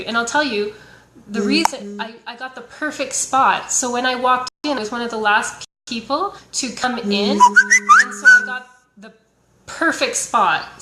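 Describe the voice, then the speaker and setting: Give me a woman wellness coach with a bright, slightly high voice, talking earnestly and casually. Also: a little hiss or hum. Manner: earnest, chatty, frequent restarts. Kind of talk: casual motivational talk. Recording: echoey room.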